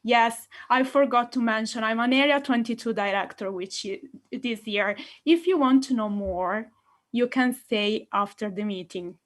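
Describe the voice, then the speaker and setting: Italian woman, meeting host on a video call; unhurried, fairly high, playful crowd-work delivery. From Italy. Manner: playful, theatrical, addresses audience directly. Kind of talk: enthusiastic public address.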